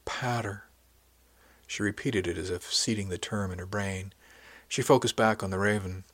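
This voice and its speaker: A man narrating a first-person audiobook in a calm, even storytelling manner. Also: low-pitched, fairly quick.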